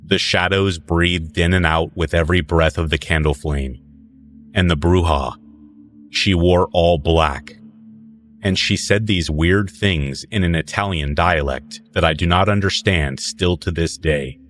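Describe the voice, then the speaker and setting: A man with a very low voice narrates a horror tale in a slow, deliberate, low-key way. He grew up in northern New Mexico, and soft music plays quietly behind him. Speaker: storyteller. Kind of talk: calm scripted horror narration.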